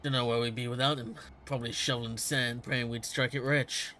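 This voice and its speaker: A man voicing a rough, scoffing male bandit from a game, in a gruff drawl. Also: medium pitch, level tone, fairly quick, sharp tone, a little hiss or hum, lightly acted.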